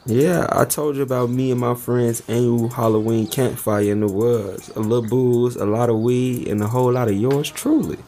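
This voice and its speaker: A woman voicing a cocky young male college student with a husky, smooth-talking, coaxing manner. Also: very deep voice, fairly even intonation, normal speed, hardly any pauses, dark tone, faint music behind.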